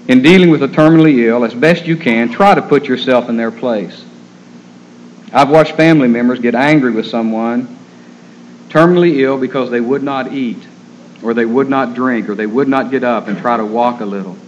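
A man preaching a sermon in an earnest, gentle storytelling manner. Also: mid-range voice, moderate pace, slight background noise. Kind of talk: sermon on caring for the terminally ill. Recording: dull lo-fi recording.

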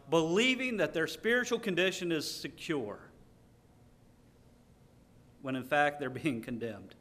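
Emphatic male preacher, slightly high voice. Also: a bit bright. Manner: emphatic, stresses key words, reads scripture aloud. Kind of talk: sermon.

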